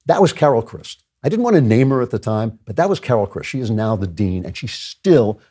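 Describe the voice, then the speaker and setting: A man hosting his own show, delivering an earnest opinion monologue with personal asides and repeated phrases. His pitch rises sharply when he makes a point. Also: very animated, a little fast, mellow, slightly rough. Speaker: show host.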